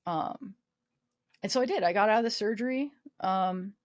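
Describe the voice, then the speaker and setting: A woman's voice: medium pitch, normal speed. Candid, profane woman telling her story. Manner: profane, self-mocking humor with frequent fillers. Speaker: podcast guest, army veteran.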